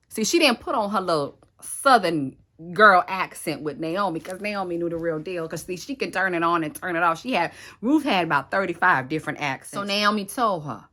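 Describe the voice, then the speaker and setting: Animated woman retelling a Bible story. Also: on the low side, fairly quick, hardly any pauses. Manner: chatty, slangy, animated.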